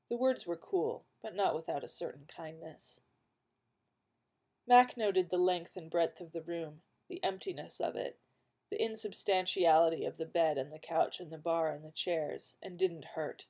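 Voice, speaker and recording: Mellow-voiced woman narrating a story. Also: lowish voice, moderate pace, breathy edge. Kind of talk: audiobook narration.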